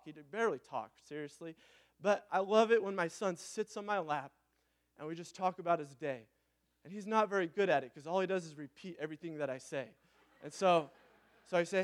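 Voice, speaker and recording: A man's voice: sits high, brisk. A young man, a pastor, giving a sermon with personal stories that rise into fervent preaching. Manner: storytelling, rising to fervent preaching.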